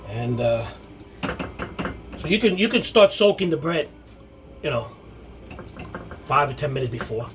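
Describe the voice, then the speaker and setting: A man hosting a casual home cooking video, talking in a rambling, halting way with many restarts. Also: mid-range voice, big pitch swings, over music. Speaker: cooking show host.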